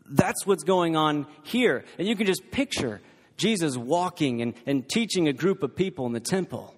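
A man preaching a sermon as pastor, emphatic and rhetorical, repeating his key points and drawing the listeners in with questions. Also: fairly high pitch. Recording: long hall reverb.

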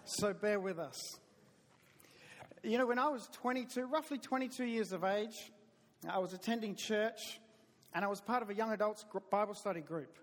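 A man's voice: high voice, moderate pace. A middle-aged man with a Southern US accent preaching a sermon, telling folksy, self-deprecating stories with hesitant restarts. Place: church sanctuary. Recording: long hall reverb.

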